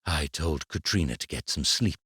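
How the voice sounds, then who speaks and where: A man playing a practical older grandmother in an audiobook, speaking softly and matter-of-factly in a lowered voice. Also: expressive, normal speed, slightly rough, no echo, clean studio sound, full character voice. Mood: calm.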